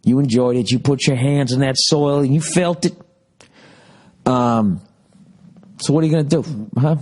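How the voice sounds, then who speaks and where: A mid-range male voice with a darkish, breathy edge moves at a moderate pace, leaving long pauses. He's a podcast host in a casual, profane monologue, rambling through road stories and doing mocking impressions.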